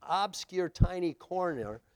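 A man preaching a sermon, acting out scripture passages and swinging between loud declarations and hushed asides. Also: high-pitched, animated, slow pace. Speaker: pastor.

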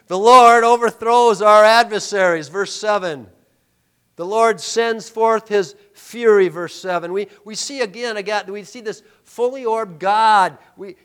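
This pastor's voice sits high as he preaches forcefully, firing off rhetorical questions. His sermon swings between a quiet hush and loud, rising passages.

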